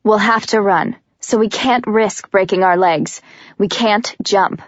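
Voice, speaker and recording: A woman voicing a calm, practical young man who leads an escape in an audiobook. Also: high-pitched, a little slow, no room sound, highs cut off. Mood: calm urgent.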